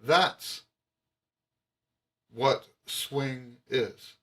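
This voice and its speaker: A man's voice: medium pitch, drawn-out words, bright, forceful tone. A man teaching jazz trumpet to camera, emphatic, repeating his key points with frequent restarts. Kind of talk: explaining music to camera.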